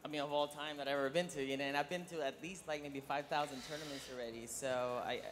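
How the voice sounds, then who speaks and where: A male player from the Philippines answers interview questions in an earnest, grateful and slightly halting way. His voice is recorded at a tournament venue with a long hall reverb. A faint noise hangs behind him. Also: on the high side, steady tone, fairly bright tone. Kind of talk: post-match interview.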